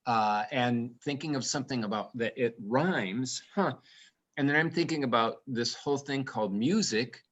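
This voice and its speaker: A man's voice: mid-range voice, moderate pace, fairly bright tone, highs cut off. A man from England who grew up in the United States, giving a playful, musing talk to educators. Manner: playful, musing, rhetorical questions. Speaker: guest speaker.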